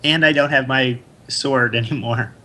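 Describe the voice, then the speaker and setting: A man's voice: mid-range voice, fairly even intonation, moderate pace, bright, forceful tone. A man playing in a tabletop game, speaking in an earnest, matter-of-fact way. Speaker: player. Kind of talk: casual tabletop game chat.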